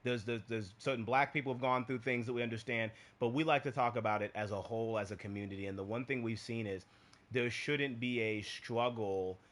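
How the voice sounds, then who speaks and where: A man's voice: mid-range voice, fairly quick, fairly bright tone. A man co-hosting a casual live-streamed talk show, earnest and given to repeating his points for emphasis. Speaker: podcast co-host.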